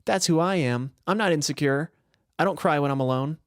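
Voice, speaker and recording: A man voicing a young rural wannabe gangster who brags about being tough, in a higher swaggering voice. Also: fairly quick, no echo, studio quality, natural voice. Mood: boastful. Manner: brash tough-guy swagger.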